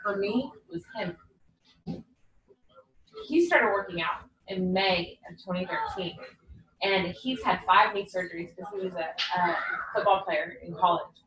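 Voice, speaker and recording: A woman's voice: medium pitch, expressive, measured pace, a bit bright. A woman giving a personal testimony at a party, chatty, full of fillers and quoted dialogue. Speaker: team member sharing her story. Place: party room with guests. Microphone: camera set away from the speaker. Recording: echoey room from far off.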